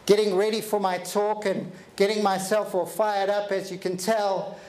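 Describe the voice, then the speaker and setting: Animated, high-voiced male keynote speaker. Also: moderate pace. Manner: animated, energetic, jokey. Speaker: motivational speaker. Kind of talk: keynote storytelling to a live audience. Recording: echoey hall with faint ambience.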